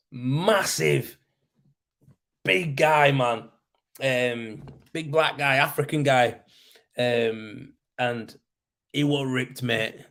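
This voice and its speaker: Plasterer bloke rambling through work stories on a live stream, laughs a lot, swears casually. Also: male voice, medium pitch. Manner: chatty storyteller, laughs often, swears casually.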